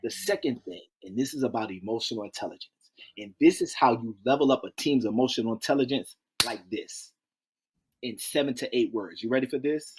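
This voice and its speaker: A man as an interview guest, telling stories in a lively, folksy way, acting out quotes and repeating key phrases. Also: medium pitch, a little fast, slight background noise. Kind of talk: animated interview storytelling.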